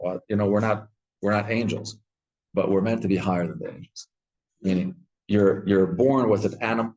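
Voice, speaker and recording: A man's voice: lowish voice, mellow. A male rabbi gives a live Torah class in a synagogue study hall. He tells stories with animation and often repeats and restarts his words.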